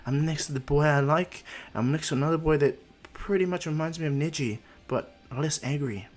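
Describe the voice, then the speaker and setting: A man's voice: fairly high pitch, a little fast, voice pushed up, close to an everyday voice. A man voicing a shy, nervous young girl ninja who stammers and hesitates. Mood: flustered.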